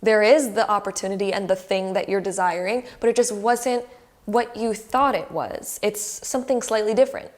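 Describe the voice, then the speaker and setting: A woman's voice: medium pitch, moderate pace, a little mellow. A young woman giving a casual pick-a-card tarot reading to her camera. She talks in an effusive, emotional way and says "like" a lot. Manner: chatty and effusive, heavy use of "like", emotional. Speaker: tarot reader. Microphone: camera close by.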